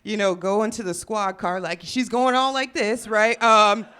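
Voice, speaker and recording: Young woman from chicago doing a comedy story, swears a lot, lively, does all the voices. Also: medium pitch, moderate pace, clear, resonant tone. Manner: profane, animated, acts out quotes.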